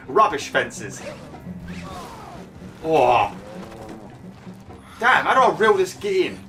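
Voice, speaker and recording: A man's voice: on the high side, sing-song, extremely slow, pushed and bright, faint music behind. A man giving casual gameplay commentary, chatty and joking, laughing and exclaiming as he plays.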